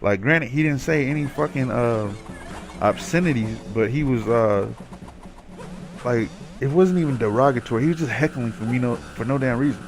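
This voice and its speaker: A man in a mid-pitched voice recounting a workplace grudge while playing a game, swearing constantly and drifting through fillers. He gets heated and loud as he rants, with faint game music underneath. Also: normal speed. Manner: profane, rambling, gets heated while ranting. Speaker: gaming commentator. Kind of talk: casual storytelling over gameplay.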